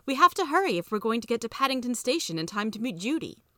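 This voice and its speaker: A woman's voice: on the high side, big pitch swings, quick pace, fairly bright tone, no room sound, voice pushed up. A woman playing a fussy, proper storybook mother, kindly but fretting; dry close sound.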